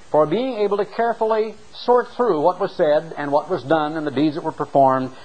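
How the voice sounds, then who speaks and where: A man preaching a sermon, reading scripture and explaining it with an emphatic, dramatic delivery that slows down for the readings. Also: low-quality recording. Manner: emphatic, dramatic delivery with sharp swings in pitch and loudness; slows down to read scripture aloud.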